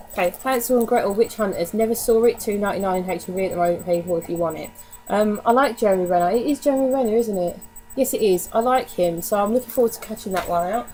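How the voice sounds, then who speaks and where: A woman's voice: mid-range voice, warm tone, a little hiss or hum, poor audio. A woman chatting casually to camera in a DVD haul vlog, candid and given to casual swearing. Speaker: vlogger.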